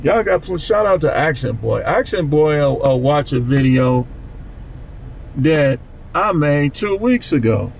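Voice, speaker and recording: A man's voice: a little high, very animated, a little slow, vocal fry, a little hiss or hum, rough recording. A man talking casually to his channel in a loose, repetitive street-talk way. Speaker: channel host. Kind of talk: casual monologue vlog.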